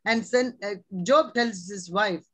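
A woman's voice: medium pitch, takes it slowly, a bit bright, low-quality recording. A middle-aged woman preaching a sermon, earnest and exhorting, with many rhetorical questions. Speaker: preacher, religious sister.

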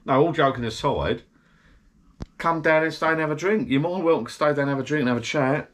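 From his small garden shed bar, a slightly tipsy middle-aged man rambles chattily to camera, often interrupting himself. His voice is a little high, fairly quick, and fairly bright; he's a vlogger having a casual rambling chat.

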